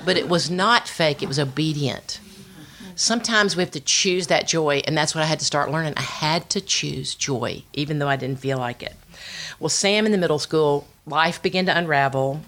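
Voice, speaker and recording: A middle-aged woman, giving a personal testimony and telling it with animated storytelling, acting out family voices. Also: deep voice. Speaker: speaker sharing her testimony.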